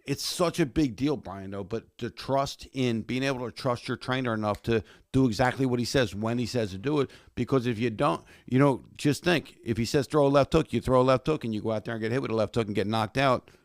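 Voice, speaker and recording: A man, a former fighter and podcast guest, telling animated stories and swearing freely. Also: mid-range voice, fairly quick, few pauses, dry recording, studio quality. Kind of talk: casual podcast chat.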